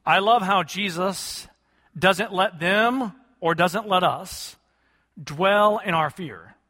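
A man's voice: high-pitched, takes it slowly, sharp tone, big-room sound. A man preaching a sermon, questioning his congregation and calling for answers. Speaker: pastor.

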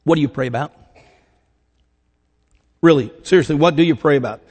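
Pastor guy preaching, higher voice, chatty and playful, church hall reverb. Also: fairly quick, darkish tone, slightly rough. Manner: conversational, asks the congregation questions; playful, acts out little quoted voices. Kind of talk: sermon.

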